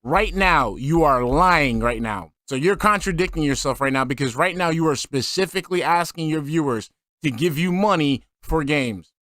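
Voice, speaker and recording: A man's voice: a little high, lively intonation, moderate pace, bright, forceful tone, dry recording, studio quality. A man giving a profane, exasperated reaction commentary as a streamer.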